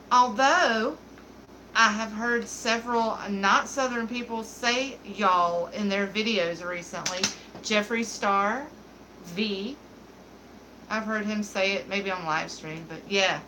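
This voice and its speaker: A woman's voice: mid-range voice, slow pace, bright, forceful tone, a little hiss or hum, low-quality recording. A young adult woman hosting a beauty livestream, chatting casually with viewers in a giggly, candid, joking way. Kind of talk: casual livestream chat, reading viewer comments.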